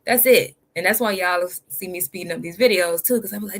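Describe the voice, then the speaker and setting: A woman's voice: fairly low pitch, brisk, hardly any pauses. Blunt drawling woman host. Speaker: reaction channel host. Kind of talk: casual commentary.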